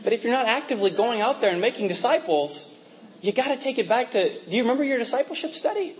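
A man's voice: very high-pitched, lively intonation, fast, slight background noise, poor audio. A young man preaching a conversational sermon, full of rhetorical questions and laughing asides, with a mixed accent. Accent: mixed, from working in a multinational office.

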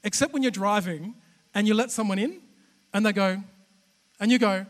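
A man with an Australian accent giving a humorous, chatty sermon as a guest preacher, animated and self-deprecating with many restarts. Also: sits high, normal speed, long pauses. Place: church auditorium. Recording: long church hall reverb.

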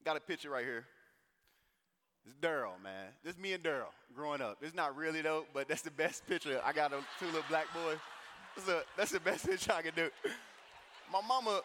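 A man in his thirties from St. Louis giving a personal testimony at a conference, telling the story in a casual, animated way with lots of slang asides. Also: on the high side, fairly quick. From St. Louis, USA. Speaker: conference speaker. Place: conference hall. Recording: echoey hall reverb.

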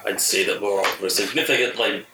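A man's voice: on the low side, steady tone, quick pace, background noise. A man playing a tabletop game, making dry, wry remarks. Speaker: player. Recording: roomy room with violin music behind.

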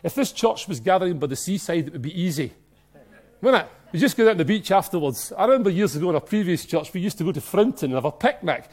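A man with a Glasgow Scottish accent preaching a sermon in a church, emphatic and excitable, swinging between soft and loud. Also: high-pitched, fast. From Scotland. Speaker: pastor.

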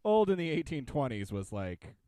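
A man's voice: on the high side, normal speed, no room sound. A young man co-hosting a podcast, chatting casually with jokes and rambling asides. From Irish heritage. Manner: joking, rambling, animated asides. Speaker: podcast co-host. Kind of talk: casual chat.

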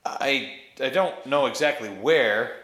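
A man voicing a stubborn male marsh-wiggle, loud and earnest, slightly out of breath, in a roomy space. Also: medium pitch, slow.

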